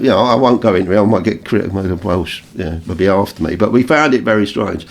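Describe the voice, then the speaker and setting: A man with an English accent, co-hosting a radio show and telling anecdotes in a casual, animated way with frequent laughs. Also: low-pitched, brisk, vocal fry, few pauses, a little hiss or hum. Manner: storytelling, animated, laughs often. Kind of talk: casual reminiscing chat.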